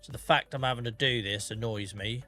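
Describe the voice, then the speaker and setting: Chatty Norfolk man, bright voice. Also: medium pitch, fairly quick. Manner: chatty, self-deprecating, mutters to himself. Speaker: streamer. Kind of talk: casual gameplay commentary. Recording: faint music in the background.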